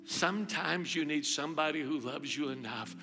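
Man, pastor preaching, high voice, bright, emphatic repetition. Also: moderate pace. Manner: animated storytelling, repeats phrases for emphasis. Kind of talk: sermon. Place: church hall. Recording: reverberant hall, faint music.

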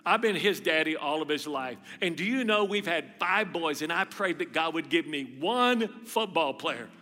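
Man, pastor preaching, high voice, bright, emphatic repetition. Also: normal speed. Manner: animated storytelling, repeats phrases for emphasis. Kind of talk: sermon. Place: church hall. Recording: reverberant hall, faint music.

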